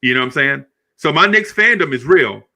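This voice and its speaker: A middle-aged man hosting a podcast with a very bright, forward voice. He tells stories in an animated, chatty way. He laughs often and repeats words as he goes. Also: fairly high pitch, fairly quick. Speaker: podcast host. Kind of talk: casual storytelling chat.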